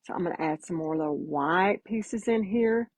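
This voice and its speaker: A woman's voice: on the low side, moderate pace, a little mellow, slightly rough, no room sound, poor audio. A woman giving a casual live painting demo, chatty and folksy, greeting viewers by name as she works. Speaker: painting instructor.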